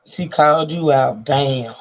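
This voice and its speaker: A man's voice: mid-range voice, a little slow. A man co-hosting a casual livestream, chiming in with short reactions. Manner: laughing along, brief reactions. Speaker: co-host. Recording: dull lo-fi stream audio.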